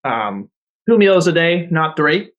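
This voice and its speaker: High, lively male game master. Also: slow, lo-fi sound. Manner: laughs often, casual. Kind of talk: narrating a tabletop game.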